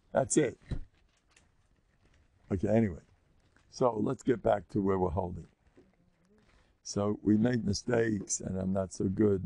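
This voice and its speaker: An older man, a rabbi, giving a Torah lecture in an animated way, acting out inner voices and mixing in Hebrew and Yiddish terms. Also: mid-range voice, creaky, dry recording. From United States.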